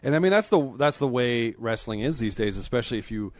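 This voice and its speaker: Rambling podcast co-host, dry close mic. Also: male voice, mid-range voice, animated, fast talker, no echo. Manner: rambling, trails off, laughs often. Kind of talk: casual chat about wrestling.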